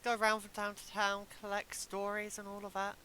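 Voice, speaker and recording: A woman voicing a friendly wandering female bard who speaks gently and chats kindly with strangers. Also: medium pitch, monotone, a little fast, a little hiss or hum, natural voice, low-quality recording. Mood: gentle. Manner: gentle, soothing, chatty.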